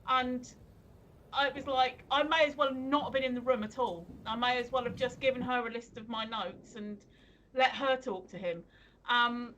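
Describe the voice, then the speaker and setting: A woman's voice: on the high side, normal speed, fairly bright tone, muffled recording. A woman co-hosting a live stream, talking in a chatty, rambling way full of fillers and restarts. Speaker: co-host of a live stream show. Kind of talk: casual live-stream chat. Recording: faint background noise.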